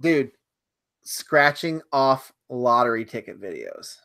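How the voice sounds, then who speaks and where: A man's voice: mid-range voice, expressive, takes it slowly, vocal fry, pushed and bright. A man chatting eagerly in a casual conversation. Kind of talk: casual chat.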